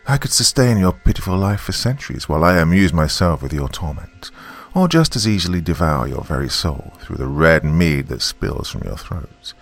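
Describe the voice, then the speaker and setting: A man voicing an ancient giant river serpent, a male, low, distant voice that talks down with imperious contempt. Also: animated, normal speed, gravelly, few pauses, full character voice. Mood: commanding.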